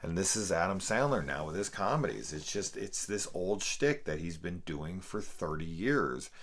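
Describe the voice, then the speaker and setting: Deep-voiced man ranting about a film. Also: expressive, moderate pace, fairly bright tone. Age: adult parent. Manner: profane, exasperated ranting. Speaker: film reviewer. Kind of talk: casual spoken movie review.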